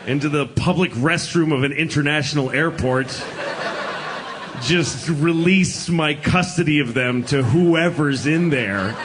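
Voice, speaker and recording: A middle-aged man doing live stand-up comedy, telling stories in an animated, profane and exasperated way. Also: fairly high pitch, moderate pace, noisy background.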